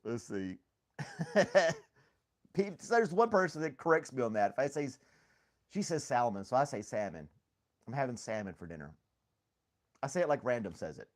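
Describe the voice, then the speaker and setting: Animated, jokey man chatting casually. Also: medium pitch, normal speed, long pauses. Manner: rambling, jokey, laughs often. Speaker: host. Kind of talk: casual livestream chat.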